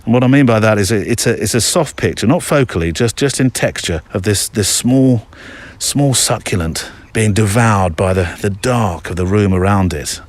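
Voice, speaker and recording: A man's voice: on the low side, moderate pace. Rambling man hosting a podcast outdoors. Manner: rambling, chatty, with frequent restarts. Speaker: podcast host. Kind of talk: casual solo podcast monologue. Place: outdoors on a walk among trees.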